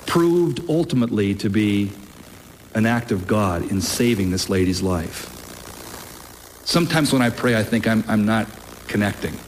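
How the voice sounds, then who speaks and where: A man preaching a sermon with emphatic, deliberate delivery, lifting his voice on key phrases. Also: on the low side, lively intonation, slight background noise. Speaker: pastor.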